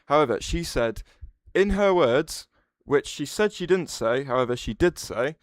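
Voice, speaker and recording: A man streaming live and chatting loosely with his viewers, often breaking off mid-sentence to start over. His voice is smooth and clean, and it is recorded dry and close with no room sound. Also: on the high side, lively intonation, a little slow, no echo. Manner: rambling, restarts sentences, answers chat aloud. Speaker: livestreamer. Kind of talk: casual livestream chat.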